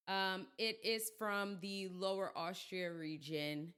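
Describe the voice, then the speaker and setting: A woman hosting a podcast in casual chat, her voice crackly and hoarse as she gets over being sick, talking in chatty, self-deprecating asides. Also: mid-range voice, slow, hardly any pauses, a bit bright. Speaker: podcast host.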